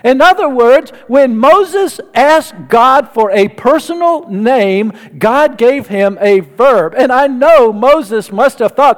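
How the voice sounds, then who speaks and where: A man's voice: extremely high pitch, expressive, slow pace, hardly any pauses. A man preaching a sermon, telling a story dramatically and with animation. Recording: reverberant hall.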